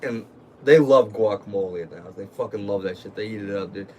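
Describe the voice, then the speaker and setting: A man's voice: lowish voice, fairly quick, a little mellow. A laid-back young man chats on a homemade livestream, swearing freely and laughing through his own stories. He sits back from the mic, and a faint hiss runs under his voice. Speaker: livestream co-host. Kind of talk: casual stoner chat. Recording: distant mic with faint background noise.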